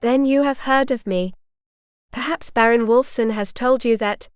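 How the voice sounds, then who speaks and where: A woman's voice: on the high side, normal speed, clean tone, no room sound, studio quality, close to an everyday voice. A woman voicing a proud, haughty noblewoman who speaks in a cool, condescending way, in a storybook reading. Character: haughty proud noble lady, coolly hostile.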